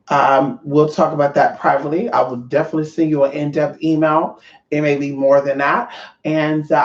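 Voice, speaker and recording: The host, a Californian who runs online classes, rants casually on a livestream, swearing a lot and talking animatedly with viewers. The medium-pitched voice stays in a middle register and bounces around the room, captured in a dull, lo-fi recording.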